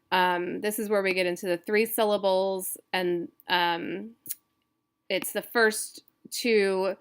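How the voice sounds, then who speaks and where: A woman instructor giving a recorded lecture, talking haltingly with many fillers and self-corrections. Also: on the low side, a bit bright, clear, resonant tone.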